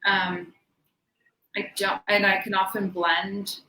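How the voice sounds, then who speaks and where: A woman who belly dances is a guest on a casual interview, chatting freely with lots of fillers and laughter. Her mid-range voice is bright and forceful, with a level tone and a slow, unhurried delivery. The room is echoey, and there's faint background noise.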